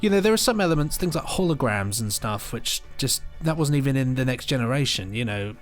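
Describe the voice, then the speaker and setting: A man's voice: medium pitch, animated, a little fast, soft background music. Young man rambling in casual podcast chat. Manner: chatty, rambling with restarts and fillers. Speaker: podcast co-host.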